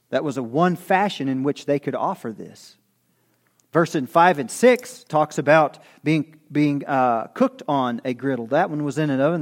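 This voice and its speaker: Conversational man preaching, slightly high voice. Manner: conversational, self-correcting, asks the congregation "okay?". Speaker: pastor. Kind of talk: expository sermon.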